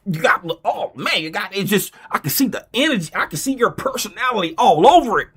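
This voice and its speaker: A man's voice: high voice, animated, fairly quick, a bit bright, breathy edge, full character voice. A man putting on the voice of an overexcited male business partner who heaps effusive praise. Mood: gushing.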